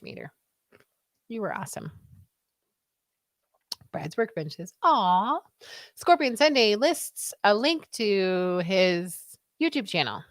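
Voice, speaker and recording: A woman's voice: on the high side, no room sound, studio quality. A woman co-hosting a casual livestream, chatting and reading viewer comments aloud. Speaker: livestream co-host reading chat. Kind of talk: casual chat.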